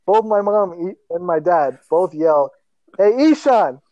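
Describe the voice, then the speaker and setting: A man's voice: high voice, measured pace, dull audio. A young man co-hosting a podcast, telling a story in casual chat, laughing often and acting out the people in it. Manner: animated storyteller, laughs often, acts out voices. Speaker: podcast co-host.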